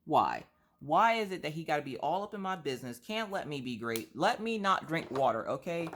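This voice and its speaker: Animated woman venting while coloring. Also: sits low, a little fast, a little hiss or hum. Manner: animated, exaggerated rhetorical complaining. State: stuffy nose. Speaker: craft vlogger. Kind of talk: casual chat while coloring.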